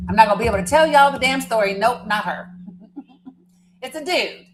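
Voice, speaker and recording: A woman's voice: on the high side, expressive, moderate pace, slight background noise, low-quality recording. A woman hosting a livestream, telling a story in a rambling, chatty way and teasing her viewers, with the odd swear word. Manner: casual swearing. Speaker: livestream host. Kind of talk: casual storytelling to a live chat.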